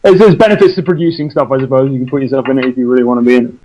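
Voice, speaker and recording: A man's voice: medium pitch, steady tone, very fast, dark tone, highs cut off, slight background noise. Chatty English man, easygoing actor. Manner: chatty, self-deprecating, stumbles on restarts. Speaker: actor guest. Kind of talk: casual interview chat.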